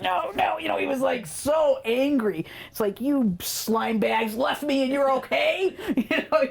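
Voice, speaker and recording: A woman telling fond family stories in an interview, animated and laughing often as she recalls them. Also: medium pitch. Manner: animated, laughs often, quotes children in dramatic voices. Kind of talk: casual storytelling in an interview.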